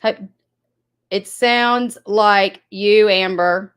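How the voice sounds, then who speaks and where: A woman's voice: mid-range voice, steady tone, very slow, fairly bright tone, clean tone. A woman hosting a livestream, talking bluntly and accusingly to her chat with plenty of swearing. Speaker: livestream host. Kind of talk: heated livestream talk to chat.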